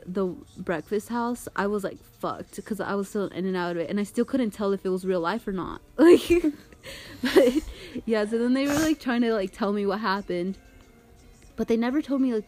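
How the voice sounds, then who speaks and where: A woman's voice: mid-range voice, moderate pace, warm tone, faint music behind. A young woman telling a story in casual chat, laughing often and using lots of filler words and swearing.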